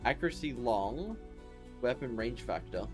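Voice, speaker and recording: A man's voice: medium pitch, very animated, a little slow, over music. Sleepy man streaming a game. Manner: reads menu items aloud, tired and rambling. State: sleepy, yawning. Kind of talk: casual gameplay commentary.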